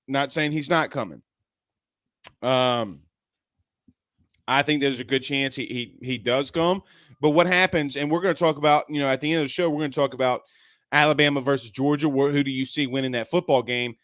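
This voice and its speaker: A man's voice: medium pitch, a bit bright, dry recording, studio quality. A man hosting a live sports talk show, chatting loosely with lots of fillers and restarts.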